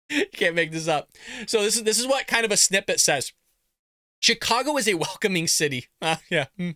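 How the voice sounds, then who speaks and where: A male show host with a high, very bright and forceful voice, tearing into the news with sarcasm and chuckles. His sound is close and dry, with no room around it. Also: normal speed, pauses often, dry recording. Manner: sarcastic, animated, laughs at his own jabs. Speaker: political commentary show host. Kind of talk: opinionated commentary reacting to news.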